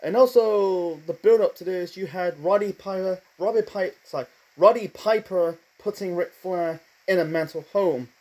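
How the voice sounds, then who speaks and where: A man giving a casual spoken review of a wrestling show, rambling with many fillers and asides, and admitting he talks too fast. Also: high voice, a little mellow, poor audio.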